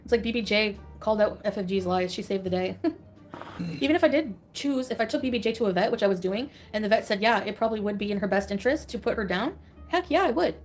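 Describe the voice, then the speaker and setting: A woman's voice: medium pitch, quick pace, faint music behind. A woman on a casual livestream, ranting bluntly and sarcastically and laughing often.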